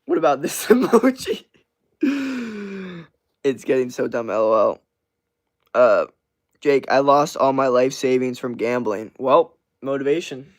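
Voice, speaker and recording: A young man streaming live, chatting loosely and swearing as he reads and answers chat messages. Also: medium pitch. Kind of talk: casual live-stream chat reading comments.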